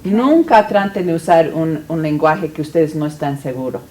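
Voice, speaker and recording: A woman leads the discussion with affirming, emphatic remarks. Her voice sits low for a woman, and the room around her is quiet. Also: expressive, a little fast. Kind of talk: casual group discussion. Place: school meeting room.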